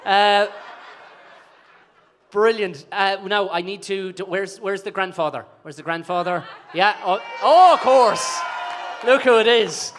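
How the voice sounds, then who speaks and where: A man's voice: high-pitched, unhurried, background noise. A man hosting an awards night, joking and teasing the guests on stage before a live audience. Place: event hall with a live audience.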